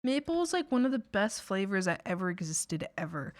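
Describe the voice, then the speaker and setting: A woman's voice: mid-range voice, sing-song, a little fast, no echo, studio quality. A Canadian woman streamer chatting casually while she draws, laughing often and swearing casually, with some playful scolding.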